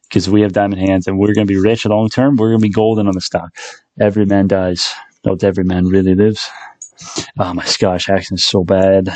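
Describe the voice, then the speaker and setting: A man's voice: low-pitched, darkish tone, no echo. A man hosting a stock market video, talking casually and rambling, with frequent fillers and repeated phrases. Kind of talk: casual direct-to-camera rambling.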